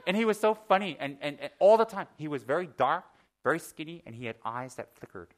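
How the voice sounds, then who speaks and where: Fast-talking man giving a Dharma talk. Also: fairly high pitch. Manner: lively storyteller, acts out gasps and shouts; frank, joking asides. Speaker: Buddhist teacher. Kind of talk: Dharma talk with personal stories.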